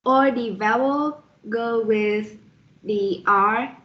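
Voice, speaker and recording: A woman presenting a lesson on pronunciation, reading out spellings and examples slowly and carefully, one letter at a time. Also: a little high, muffled recording. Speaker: student presenter reviewing a phonetics lesson. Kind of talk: slide-by-slide explanatory lesson.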